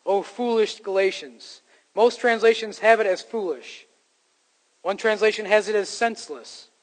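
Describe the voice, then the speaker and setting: A man's voice: sits high, moderate pace, low-quality recording. A man preaching a sermon to his congregation, in a conversational style that rises to emphatic points. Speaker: pastor.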